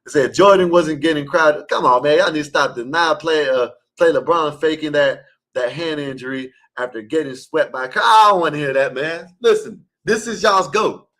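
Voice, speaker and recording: Speaking at a moderate pace with a slightly high, somewhat bright voice, a man phones into an online panel to argue sports. The debate is heated and casual, and he hammers his points repeatedly while scolding those listening.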